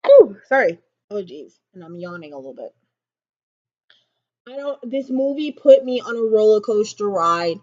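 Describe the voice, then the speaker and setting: High-voiced woman rambling about a movie. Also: a bit bright, highs cut off. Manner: rambling, repetitive, emotional. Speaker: vlogger. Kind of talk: casual movie reaction ramble.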